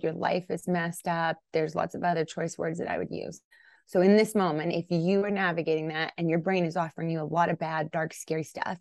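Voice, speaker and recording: A woman's voice: fairly low pitch, creaky, a little mellow, no echo, studio quality. A woman in her thirties from Canada, a podcast guest talking casually and bluntly, jumping into raised voices to act out her own thoughts. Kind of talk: casual interview chat.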